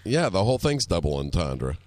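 A man's voice: low voice, very animated, brisk, a little mellow, no room sound. A man co-hosting a casual chat, rambling with restarts and casual swearing.

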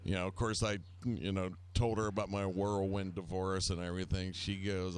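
A man's voice: low voice, level tone, normal speed, hardly any pauses, clean tone. A man telling rambling, self-mocking anecdotes in casual chat, acting out the people he quotes.

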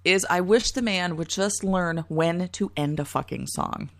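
A woman co-hosting a casual chat, talkative and quick to laugh, swearing now and then. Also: lowish voice, no room sound.

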